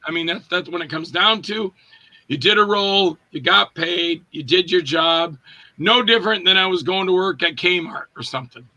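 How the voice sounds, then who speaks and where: A man's voice: sits high, moderate pace, muffled recording. A man in his fifties, an actor telling stories in a casual interview and acting out quotes in different voices. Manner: animated, acts out quotes in voices.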